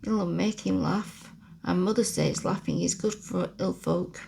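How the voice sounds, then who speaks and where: A woman's voice: lowish voice, measured pace, vocal fry, dark tone, a little hiss or hum. A woman whispering as kind country boy Dickon. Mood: gentle. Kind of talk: whispered role-play.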